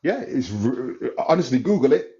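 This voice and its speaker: A man in his thirties calling into a debate, explaining in a measured way. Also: mid-range voice, expressive, mellow, highs cut off. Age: 30s. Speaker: caller.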